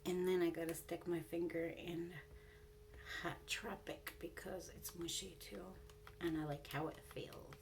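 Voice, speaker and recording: A woman's voice: lowish voice, fairly even intonation, measured pace, creaky, a little hiss or hum. A young woman beauty vlogger telling a story in casual chat, laughing often and swearing bluntly while she does her makeup.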